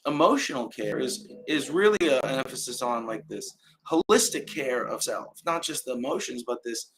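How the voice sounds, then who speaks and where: A man's voice: mid-range voice, expressive, normal speed, a bit bright, a little hiss or hum, low-quality recording. A young man, hosting a casual live stream and rambling loosely with fillers and trailing laughs. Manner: many fillers and restarts.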